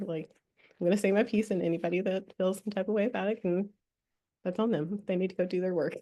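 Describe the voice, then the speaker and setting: Talking quickly in a fairly low voice, a young woman runs a live spiritual workshop, guiding participants through a breathing exercise. She keeps it casual, laughing often and swearing without hesitation.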